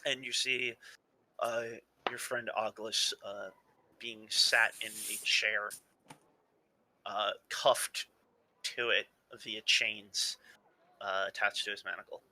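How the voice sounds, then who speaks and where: A young man narrating as game master of a tabletop game, halting with many fillers and restarts. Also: on the low side, little pitch movement, pushed and bright, low-quality recording.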